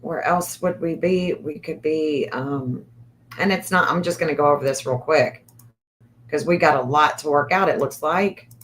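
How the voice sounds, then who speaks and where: A woman hosting a casual livestream, reading an astrology chart aloud and thinking out loud in a hesitant, repetitive way. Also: low-pitched, moderate pace, a little hiss or hum.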